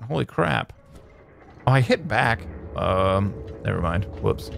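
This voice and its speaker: A man hosting a let's play, giving excitable, jokey gameplay commentary that jumps to high exclamations. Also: takes it slowly, gravelly, dry recording.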